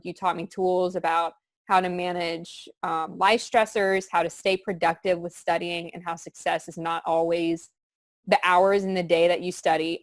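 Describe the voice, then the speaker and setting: A woman's voice: on the low side, no room sound. Earnest young woman. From southern Louisiana. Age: young adult. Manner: earnest, heartfelt, rambling. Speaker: student giving a testimonial. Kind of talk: candid testimonial chat.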